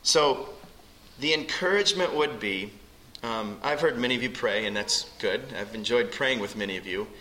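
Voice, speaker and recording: A man preaching with a bright, forceful voice that rings through a roomy hall. He talks earnestly and emphatically, acting out prayers as he teaches his congregation. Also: medium pitch, normal speed, slight background noise. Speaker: pastor. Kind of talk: sermon.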